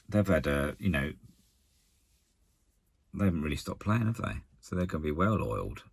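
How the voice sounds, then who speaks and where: A man giving a casual, exasperated post-match rant to camera as a football fan, blunt and halting, often restarting his sentences. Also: extremely low pitch, animated, creaky, slightly rough. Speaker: football fan channel contributor.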